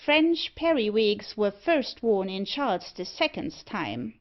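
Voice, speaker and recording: A woman voicing a meek, strange little old man who answers mildly and quietly. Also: mid-range voice, big pitch swings, takes it slowly. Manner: mild and quiet. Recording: slightly dull audio.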